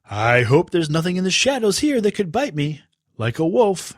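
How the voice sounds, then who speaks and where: Man doing a smart kid hero, kinda protesty, lively voice, dry sound. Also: sits high, moderate pace, no room sound, voice pushed up. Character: clever confident young boy hero.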